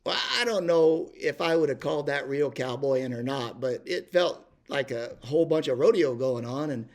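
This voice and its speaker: A man's voice: medium pitch, normal speed. An older man telling a rambling ranch story, full of fillers and restarts. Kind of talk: casual spoken storytelling.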